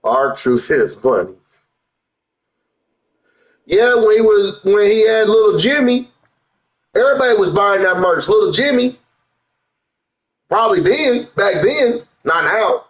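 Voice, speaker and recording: Slow-talking, animated streamer guy. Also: sits high, poor audio. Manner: animated, swings up and down, loose slangy chat. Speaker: live streamer. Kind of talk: casual live-stream wrestling talk.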